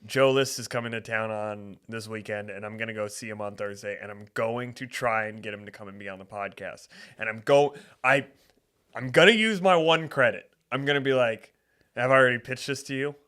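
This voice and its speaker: A man's voice: lowish voice, a little fast, a bit bright, smooth. A man co-hosting a podcast, telling stories in casual chat with laughs and swearing, in a small studio. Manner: laughing storyteller, swears a lot. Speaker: podcast co-host.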